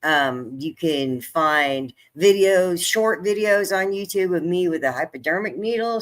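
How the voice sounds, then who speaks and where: An older woman chatting casually to viewers on her own livestream, talkative and easily moved, laughing often. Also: sits low. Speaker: livestream host. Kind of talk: casual live-stream chat.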